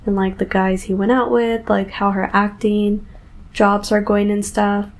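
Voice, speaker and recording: A woman's voice: medium pitch, darkish tone. A woman in her twenties, a book vlogger, giving dramatic, gushing and exasperated reactions while she reads. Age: 20s. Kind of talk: casual live reading reactions.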